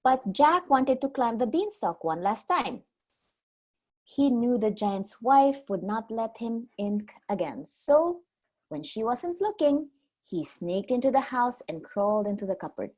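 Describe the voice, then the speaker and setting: A preschool teacher reads a storybook aloud, taking her time with every line. Her voice sits fairly high and mellow and swings widely, keeping the telling lively. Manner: expressive, slow storytelling.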